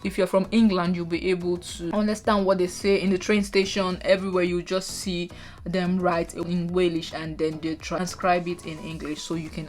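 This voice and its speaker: Nigerian woman vlogger, lower register, talks straight to camera over soft background music. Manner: chatty, animated asides to viewers. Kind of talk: casual talking-head vlog.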